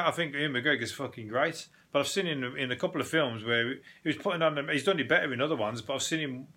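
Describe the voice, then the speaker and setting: A man's voice: on the high side, pushed and bright. A man with a Birmingham accent rambling through a sweary, comedic rant as a podcast host, restarting sentences and laughing often. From Birmingham, England.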